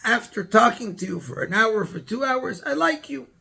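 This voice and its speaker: A gravelly, slightly husky elderly stranger, as a man quotes him in a story, speaking earnestly and in confidence. He sounds charismatic and friendly, and the voice sits fairly high. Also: animated, normal speed, bright, forceful tone, exaggerated voice. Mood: confiding.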